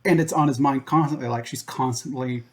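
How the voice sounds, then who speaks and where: A man's voice: medium pitch, steady tone, brisk. A man co-hosting a casual movie podcast, working through his ideas aloud in a rambling, hedging way. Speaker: podcast co-host.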